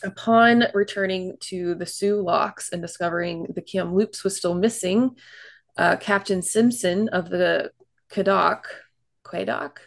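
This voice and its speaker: Low creaky woman telling a story. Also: a little slow. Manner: chatty, reads facts with fillers and asides. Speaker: podcast co-host telling a shipwreck story. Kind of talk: casual storytelling podcast.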